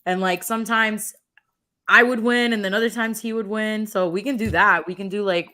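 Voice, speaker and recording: A woman's voice: medium pitch, fairly even intonation, moderate pace, bright, forceful tone. A woman co-hosting a podcast, telling stories in upbeat, chatty casual talk. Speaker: podcast co-host. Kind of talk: casual chat.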